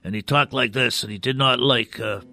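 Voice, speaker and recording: An older man, a puppeteer, telling stories in a halting, rambling way as a guest in a radio studio. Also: medium pitch, pushed and bright. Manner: rambling, halting, full of restarts. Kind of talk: radio interview storytelling.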